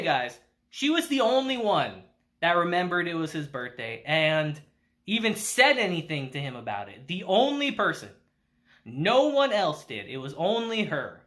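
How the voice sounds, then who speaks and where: A man casually recapping an anime episode, chatty and animated, laughing often. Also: high voice. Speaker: anime reviewer.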